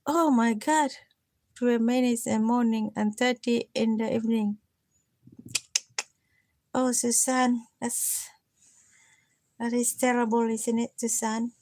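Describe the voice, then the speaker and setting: A tired woman chatting on a casual live stream, gently coaxing and self-mocking, often repeating her listener's name. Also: on the high side, fairly even intonation, takes it slowly, pauses often, no room sound. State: tired from lack of sleep. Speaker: livestreamer.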